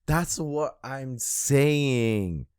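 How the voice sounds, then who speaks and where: A man co-hosting a podcast, casually chatting and retelling a comic with lots of swearing and excitement. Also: mid-range voice, drawn-out words, clear, resonant tone, no echo, clean studio sound. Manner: profane, animated retelling of a comic. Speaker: podcast co-host. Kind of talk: casual chat.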